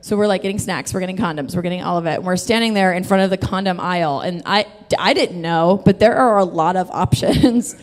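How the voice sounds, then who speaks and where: A woman's voice: on the low side, brisk, hardly any pauses, big-room sound. A woman telling a funny personal story on stage, chatty and swearing freely, laughing often between lines.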